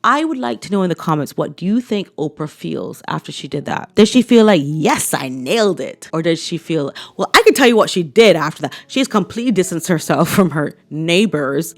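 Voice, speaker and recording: A woman giving blunt, sarcastic opinion commentary in a casual chat style. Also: low voice. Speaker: commentary vlogger.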